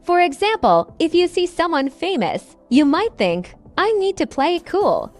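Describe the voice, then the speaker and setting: A woman with a high, bright-sounding voice that swoops up and down a lot. She co-hosts a scripted English lesson, cheerfully explaining slang with examples. Soft music plays underneath. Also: sing-song, measured pace. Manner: upbeat, explains phrases with examples. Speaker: co-host and English teacher.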